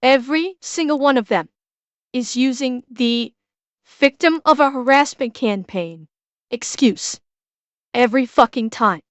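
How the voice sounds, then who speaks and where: A woman's voice: sits high, measured pace, no room sound. A woman streamer giving blunt, profane, casual commentary while reacting to a video.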